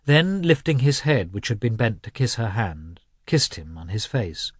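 A man narrating a classic novel in an expressive, measured storytelling manner. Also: mid-range voice, slightly rough, no room sound, studio quality. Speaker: audiobook narrator.

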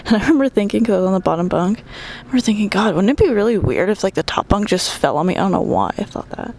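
A woman's voice: mid-range voice, animated, fast talker, darkish tone. A young woman telling a story in casual chat, profane, often dropping into whispered asides while doing squats.

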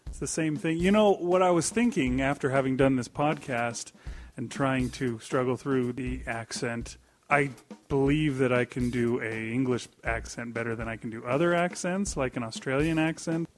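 A man's voice: mid-range voice, normal speed, soft background music. A man co-hosting a podcast, easygoing and thoughtful in casual chat. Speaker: podcast co-host and writer.

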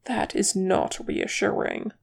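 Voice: mid-range voice, steady tone, slow, vocal fry, darkish tone. Dry, haughty elf archer, read aloud by a narrator. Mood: cool haughty. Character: proud, cool male elf archer.

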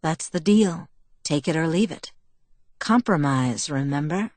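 Woman reading a calm, teasing young man. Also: sits low, unhurried, no echo. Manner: soft, calm, murmured. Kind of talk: audiobook character voice.

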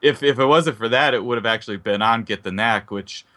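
A man's voice: medium pitch, a little fast, bright, forceful tone. A man co-hosting a podcast, chatting enthusiastically about music with lots of fillers. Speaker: podcast co-host. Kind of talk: casual music discussion.

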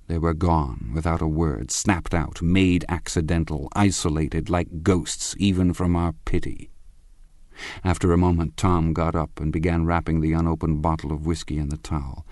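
Deep-voiced man reading a novel aloud. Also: dry recording, studio quality. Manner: measured, expressive first-person narration. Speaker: audiobook narrator. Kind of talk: literary audiobook reading.

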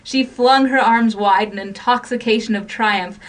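A woman hosting a radio storytelling program, reading a story with expressive narration. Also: a little high, unhurried, few pauses, recorded from a distance. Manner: expressive, shifting pace and volume with the drama.

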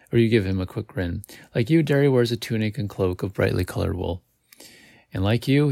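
A man's voice: lowish voice, creaky, a little mellow, dry recording, studio quality. A man hosting a podcast, reading a gamebook aloud in a casual way, with slips and self-corrections. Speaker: podcast host.

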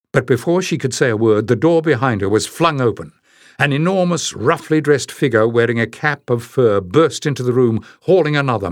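A man's voice: mid-range voice, dry recording, studio quality. A man reading a fantasy novel aloud as audiobook narrator, telling the story steadily. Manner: steady storytelling, switching into character voices. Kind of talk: scripted narration.

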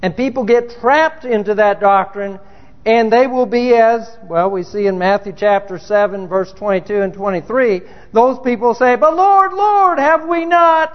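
A man's voice: sits high, normal speed. A man preaching a sermon in a loose, conversational way, with restarts and rhetorical questions, in a church sanctuary. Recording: dull lo-fi recording with long hall reverb.

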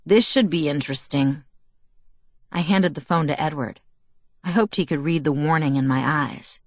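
Woman audiobook narrator, lowish voice, dry close recording, steady first-person telling. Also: normal speed, dry recording.

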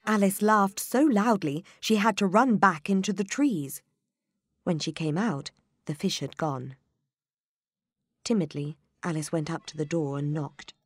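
Slow, breathy woman narrating a storybook. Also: on the low side, dry recording, clean studio sound. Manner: expressive, unhurried storytelling.

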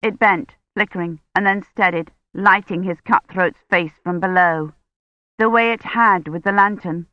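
A woman narrating an audiobook in a measured, tense storytelling manner. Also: on the low side, dry recording, highs cut off. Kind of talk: scripted narration.

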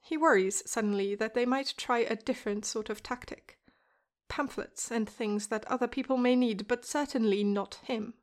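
A woman calmly reading a story aloud in a measured way. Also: fairly high pitch. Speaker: podfic reader. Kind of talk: storybook narration.

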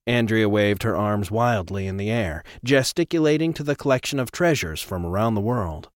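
A man narrating an audiobook with an expressive, dramatic reading. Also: lowish voice, normal speed, no room sound, studio quality. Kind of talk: scripted narration.

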